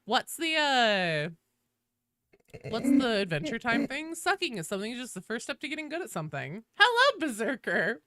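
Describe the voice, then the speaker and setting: A woman streamer chatting casually with her viewers while gaming. She swears freely and greets people in a high sing-song. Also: very animated, normal speed, fairly bright tone, no echo. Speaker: game streamer.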